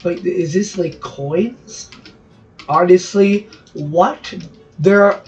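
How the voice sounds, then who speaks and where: A man's voice: sits high, extremely slow, darkish tone. A man from Brazil giving rambling, jokey gameplay commentary with lots of self-interrupting asides. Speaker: gaming channel host. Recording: distant, dull lo-fi mic with music behind.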